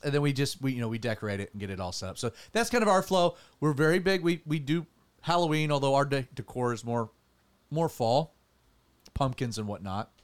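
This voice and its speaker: A man's voice: mid-range voice, big pitch swings, quick pace, smooth. A man, a pastor hosting a casual studio podcast, joking and rambling with restarts.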